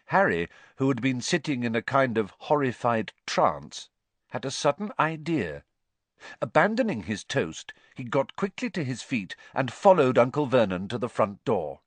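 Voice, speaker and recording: Lively male storybook narrator. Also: mid-range voice, moderate pace, no room sound. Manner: expressive, lively reading. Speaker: audiobook narrator.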